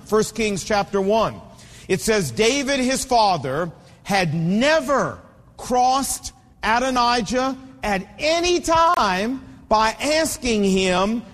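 A man's voice: high-pitched, a bit bright, big-room sound. A man in his fifties preaching a sermon with an emphatic, repetitive cadence. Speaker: pastor.

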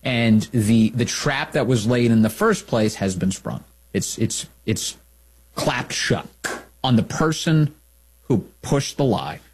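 A man's voice: medium pitch, animated, takes it slowly, breathy edge. A man hosting a political commentary show, talking in a sarcastic, mocking and incredulous way.

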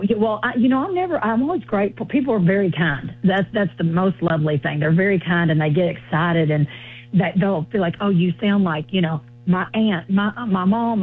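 Speaking briskly in a lowish voice with a breathy edge, this Southern American comedian chats casually as a phone-in guest, bubbly and folksy. The line sounds tinny, and soft music plays in the background.

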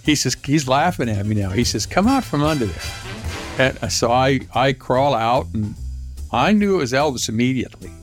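An older man from Southern California recounts a memory in a loose, rambling way. His pitch sits in a middling range, and he jumps upward whenever he acts out someone's words. Soft music plays faintly behind him. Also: expressive, normal speed. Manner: rambling, lifts his voice to act out quoted lines. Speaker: storyteller. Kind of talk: personal anecdote.

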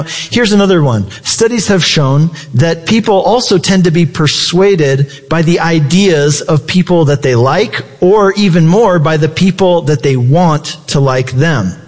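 A man's voice: on the high side, in a large hall. A male pastor preaching a sermon in a conversational way, posing rhetorical questions to his congregation.

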